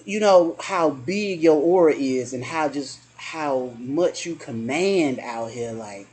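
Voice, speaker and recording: A man around forty in a casual spiritual chat, halting and restarting often, slipping into softly acted quotes. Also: on the high side, breathy edge.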